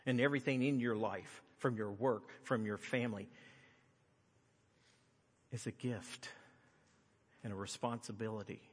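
A man's voice: steady tone, a little slow, long pauses. Impassioned male preacher in a reverberant hall. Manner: preaching with surges to loud, high emphasis, then dropping to quiet earnest tones. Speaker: pastor. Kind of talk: sermon.

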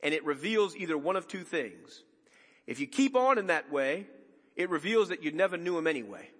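A man preaching a sermon as pastor, emphatic and conversational with dramatic pauses, in a church sanctuary. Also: a little high, animated, a bit bright, husky, long reverb tail.

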